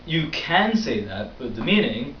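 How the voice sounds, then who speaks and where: A man's voice: medium pitch, measured pace, slight background noise. A young man hosting a vlog, telling a story in a casual, rambling way with lots of fillers. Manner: rambling, animated, with many fillers. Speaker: vlog host. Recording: dull roomy recording from a distance.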